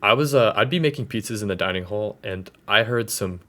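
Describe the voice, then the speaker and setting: A man's voice: lowish voice, a little fast, bright, forceful tone. A man in his twenties ranting casually to the camera about college, slangy and full of fillers. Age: 20s. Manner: loose, slangy, lots of fillers. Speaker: vlogger. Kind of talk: casual rant.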